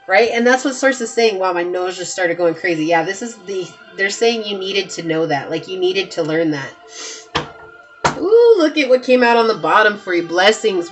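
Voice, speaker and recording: A woman does a pick-a-card tarot reading, addressing her viewers directly and emphatically, repeating herself a lot. Her voice is mid-range and animated at a moderate pace, with soft music playing behind her.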